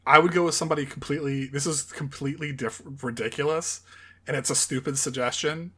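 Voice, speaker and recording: A man's voice: on the high side, steady tone, fast talker, sharp tone, husky. Chatty man co-hosting a film podcast. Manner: rambling, searches for names, laughs often. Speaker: podcast co-host. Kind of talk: casual film chat.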